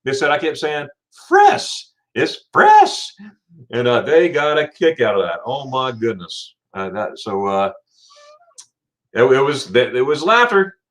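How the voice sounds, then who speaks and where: A man's voice: mid-range voice, expressive, normal speed, a bit bright. A middle-aged man hosting a live stream, telling funny stories in a casual chat, laughing often and repeating words as he talks. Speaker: livestream host.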